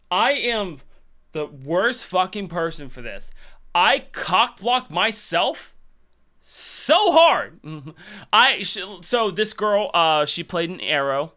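A young man hosts a casual podcast with a bright, slightly high voice. He rambles through crude stories, padding them with fillers and bursts of laughter. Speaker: podcast host.

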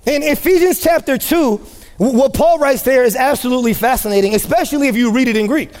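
High-voiced preaching man in a reverberant hall. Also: fast talker. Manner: impassioned preaching, rising to shouts, repeats phrases for emphasis. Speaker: pastor. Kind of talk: sermon.

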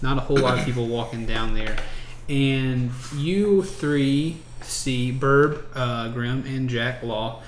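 A man's voice: medium pitch, slow, hardly any pauses. Hesitant man narrating as game master. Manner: hesitant, lots of fillers and restarts. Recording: echoey room, faint noise.

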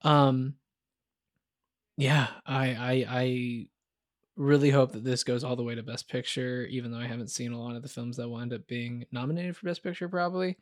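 A man's voice: mid-range voice, quick pace, hardly any pauses, a little mellow, dry recording, clean studio sound. Candid rambling podcast co-host, man. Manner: rambling, candid, heavy on fillers. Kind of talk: casual film chat.

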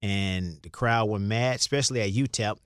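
Here a former basketball player from Chicago, now older, is the guest in a relaxed interview, wandering through anecdotes, starting over, and performing the lines he quotes. He speaks at a normal speed in a fairly low, clear, resonant voice. There's no room sound, and the audio is studio quality.

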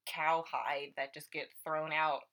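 Animated young woman telling a story. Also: low-pitched, takes it slowly. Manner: animated, laughs often, acts out her own thoughts. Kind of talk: casual storytelling chat.

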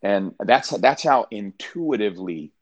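Older man with a very deep voice. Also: expressive, measured pace, no echo, muffled recording. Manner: earnest storyteller with frequent restarts. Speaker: pastor, interview guest. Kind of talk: personal storytelling in a conversation.

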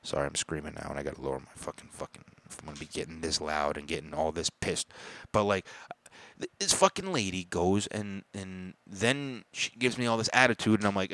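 A man telling a story in an angry, profane rant, getting loud and exasperated as he complains. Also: low-pitched, normal speed.

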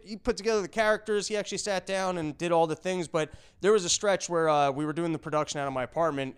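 Man, podcast host, fairly high voice, smooth, sarcastic, rambling. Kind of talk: casual podcast monologue.

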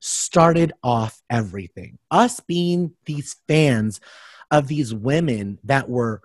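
A man co-hosting a casual podcast, animated and profane, who often acts out other people's voices. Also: mid-range voice, takes it slowly, dry recording, clean studio sound. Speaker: podcast co-host.

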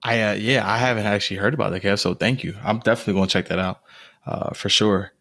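A man's voice: lowish voice, steady tone, quick pace, fairly bright tone, no echo. A man in his twenties co-hosting a casual chat, enthusiastically recommending shows and books. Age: 20s. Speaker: podcast co-host.

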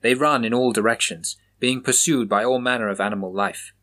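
A man reading a scripted horror story aloud in a measured, even storytelling manner. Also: medium pitch. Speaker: narrator.

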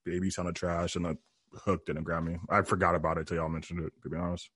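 A man's voice: deep voice, little pitch movement, fast, a bit bright, slightly rough, no room sound, studio quality. A man co-hosting a podcast, giving a blunt, dismissive critique with many ums in a casual music review chat. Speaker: podcast co-host.

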